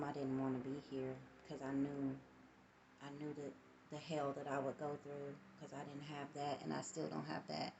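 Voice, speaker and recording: A middle-aged woman speaks in a low, gravelly voice, reflective and blunt, with the odd curse. She is vlogging into a phone on a tripod in a candid personal monologue. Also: lo-fi sound, slight background noise.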